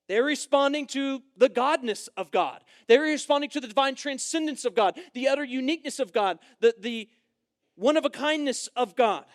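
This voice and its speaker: A young man delivers a camp sermon in a strikingly high voice. He preaches with emphasis, repeats key phrases and moves between loud proclamation and hushed explanation. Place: church camp meeting room.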